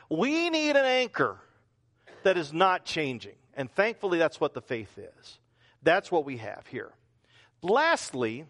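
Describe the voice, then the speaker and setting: A man's voice: a little high, a bit bright. A middle-aged male pastor preaching a conversational sermon, often repeating words and asking rhetorical questions.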